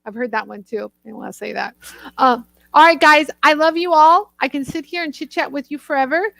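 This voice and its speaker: A bubbly, gushing woman from the northern United States chats casually with viewers while hosting a live jewelry tool stream. Her voice sits high, and the sound is dry and close, with no room around it. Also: fairly quick, vocal fry, a bit bright, dry recording. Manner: bubbly, gushing, chatty, laughs often.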